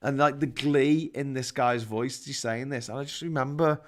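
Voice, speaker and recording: This host, an Englishman from Liverpool with a matching accent, speaks at medium pitch in a steady tone and at normal speed, hardly pausing. His casual monologue wanders through stories, with restarts and some mild swearing.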